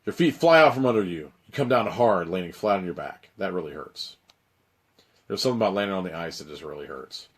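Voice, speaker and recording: A man with a fairly low voice reads an adventure gamebook aloud for a live audience. His narration keeps breaking into wry, irreverent asides and offhand swearing. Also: expressive, fairly quick, husky. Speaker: livestream host reading an adventure gamebook. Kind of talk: reading aloud with joking asides.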